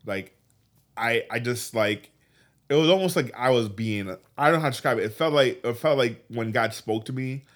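A man earnestly telling a personal faith story, often halting and restarting his sentences. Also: mid-range voice, fairly bright tone. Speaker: guest telling his testimony.

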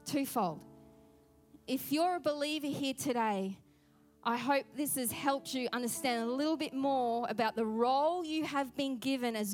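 A woman pastor preaching a sermon, telling a personal story in an animated way and acting out her own thoughts. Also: on the high side.

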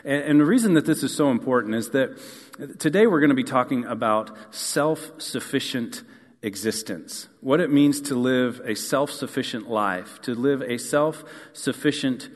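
Conversational pastor with hall reverb. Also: male voice, medium pitch, normal speed. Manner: conversational storytelling with frequent fillers. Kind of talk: sermon. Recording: long church hall reverb.

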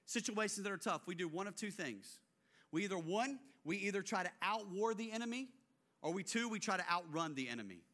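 A male pastor preaching a sermon, animated and acting out biblical figures, then dropping into quiet intensity. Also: sits high.

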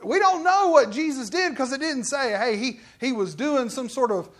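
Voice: high-pitched, moderate pace. Pastor, conversational sermon, quizzes the congregation, church sanctuary. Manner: conversational, animated preaching, questions the congregation.

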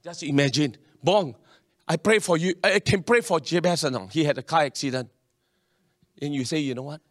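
A man preaching a sermon in a church, animated and calling on the congregation to respond. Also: fairly high pitch, normal speed, dry recording. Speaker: pastor.

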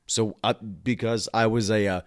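A man who works as a nurse, ranting angrily into a camera at home, swearing a lot and breaking into loud outbursts and quick asides. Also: on the low side, steady tone. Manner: profane, frustrated, loud outbursts and rapid asides. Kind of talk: angry ranting vlog.

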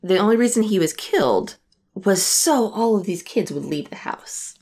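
A woman's voice: mid-range voice, lively intonation, normal speed, a little mellow, breathy edge. A woman co-hosting a casual movie discussion, wry and questioning. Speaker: podcast co-host.

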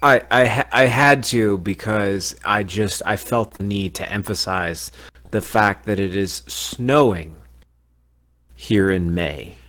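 A man's voice: lowish voice, slow, a bit bright. A man co-hosting a podcast in casual chat, telling corny jokes with emphasis. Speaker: podcast co-host.

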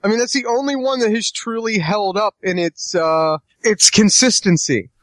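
A man co-hosting a casual movie-review chat, easygoing and quick to laugh. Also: sits high, no echo. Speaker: podcast co-host.

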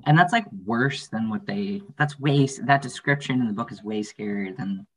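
A man in his thirties co-hosting a podcast, chatting casually in a giggly, playful, drawn-out way. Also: on the low side, animated, fairly bright tone, breathy edge, poor audio. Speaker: podcast co-host. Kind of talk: casual chat.

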